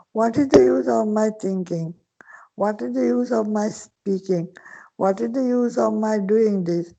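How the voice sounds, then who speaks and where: Older woman, Buddhist nun, slow dharma talk, gravelly, mellow voice. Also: mid-range voice, poor audio. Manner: slow, patient explaining with Pali terms, occasional whispered phrases.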